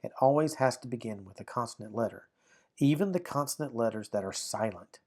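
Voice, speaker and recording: A man with a medium-pitched, animated voice teaches Biblical Hebrew in a recorded grammar lesson, slowly sounding out syllables and frequently checking in with "right? okay?"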